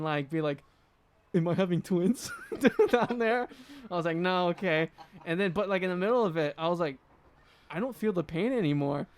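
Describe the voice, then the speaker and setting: A twenty-something man with a clean, higher-leaning voice co-hosts a podcast. In relaxed conversation he recounts a story, laughing and acting out the quotes of the people involved.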